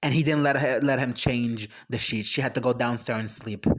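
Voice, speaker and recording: Ranting reaction vlogger, sarcastic and fed up, mid-pitch voice that jumps to shrieks. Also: a little fast. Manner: animated, emphatic, breaks into high shrieks; exasperated, sarcastic.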